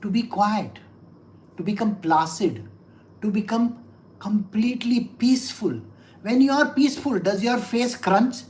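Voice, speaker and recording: A woman's voice: medium pitch, a little slow, darkish tone. Woman, spiritual teacher, explaining scripture, rhetorical questions, repeats phrases for emphasis. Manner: acts out little quoted exchanges.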